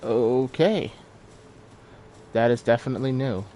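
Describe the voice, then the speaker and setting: A man's voice: medium pitch, a little slow, mellow, slight background noise. A man giving casual, self-deprecating live commentary while streaming a game, chuckling often.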